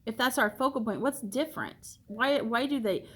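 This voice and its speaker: Woman, art teacher, classroom discussion, questioning, repeats answers, fairly high voice. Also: normal speed, slightly rough.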